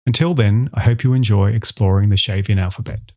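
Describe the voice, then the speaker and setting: Low-voiced man narrating an alphabet lesson. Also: darkish tone. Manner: slow, careful enunciation of example sounds. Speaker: instructor. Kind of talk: scripted educational narration.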